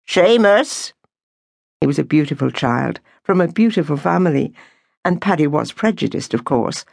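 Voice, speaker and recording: A woman reading an audiobook novel aloud in a measured, unhurried storytelling manner. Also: low-pitched, animated, creaky, a little mellow, slightly rough, dry recording, clean studio sound. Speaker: audiobook narrator. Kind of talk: scripted narration.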